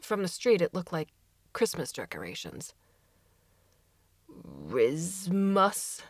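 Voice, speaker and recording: A woman's voice: lowish voice, huge pitch swings, normal speed, darkish tone, slightly rough, no echo. A woman narrating a story in audiobook style, reading expressively and shifting into voices for the characters.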